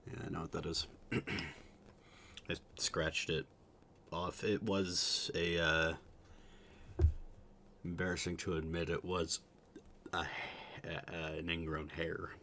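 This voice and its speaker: A man's voice: deep voice, little pitch movement, slow pace, pauses often, bright, forceful tone, slight background noise. A young man from Utah with a subtle Utah accent, chatting casually to his stream in a rambling, hesitant way with lots of fillers. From Utah, USA.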